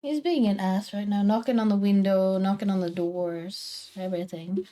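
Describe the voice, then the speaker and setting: At home on a desk microphone, a woman streams and draws, talking chattily both to her cats and to chat with teasing indignation. Her mid-range voice is warm and steady, at a normal speed.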